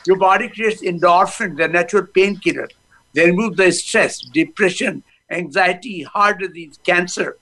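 A man's voice: high-pitched, normal speed, pushed and bright, low-quality recording. A man, a laughter yoga guest who talks with energy and breaks into laughing chants over a phone video call.

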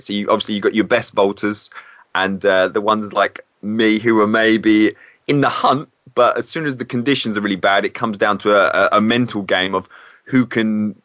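A man speaks in a fairly low voice in a relaxed interview. He is candid and often halting as he corrects himself mid-sentence. The sound is dry and close. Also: no room sound. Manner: candid, hesitant, self-correcting. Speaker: guest, former PE teacher. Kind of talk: casual interview.

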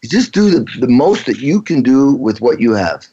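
A man's voice: medium pitch, big pitch swings, moderate pace, warm tone, husky. A middle-aged man, a touring rock drummer, telling anecdotes in a casual interview, rambling with frequent restarts. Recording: dull lo-fi sound.

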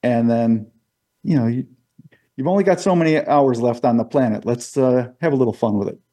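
A man answering as a guest on a talk show, reflective and easygoing, with halting restarts. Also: mid-range voice, warm tone. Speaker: guest, comic artist. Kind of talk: casual interview answers.

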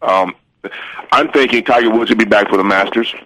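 A man's voice: fairly low pitch, a little fast, bright, forceful tone, low-quality recording. A man co-hosting a sports talk show, teasing the host in casual banter.

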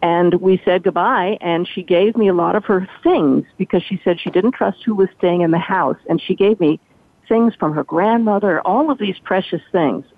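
Telling behind-the-scenes stories in an interview, an older woman and former entertainment reporter acts out what people said in an animated way. She has a lowish voice at normal speed, heard through a tinny, dry phone line with no room sound.

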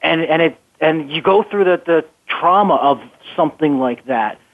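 A man's voice: on the high side, normal speed. A man telling his life story as an interview guest, earnest and often repeating words as he thinks. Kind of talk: phone-in radio interview. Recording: tinny phone line.

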